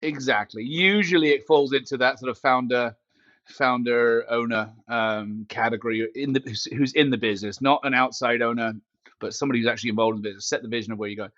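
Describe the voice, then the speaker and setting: A man chatting as a podcast guest, joking and animated as he tells stories. His voice comes through a small headset mic built into his glasses, sounding dull and muffled. The audio is dry, with no room sound. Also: mid-range voice, fast, no echo. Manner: joking, animated storytelling with asides. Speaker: podcast guest, company CEO. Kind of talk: casual podcast chat.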